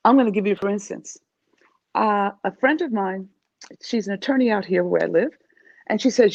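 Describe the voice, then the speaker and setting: A woman from New York, a life coach, talking as a guest in an interview in an animated, emphatic way. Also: mid-range voice, moderate pace, gravelly, pauses often, no echo, dull audio. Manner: animated, emphatic, acts out quoted voices. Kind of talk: interview conversation.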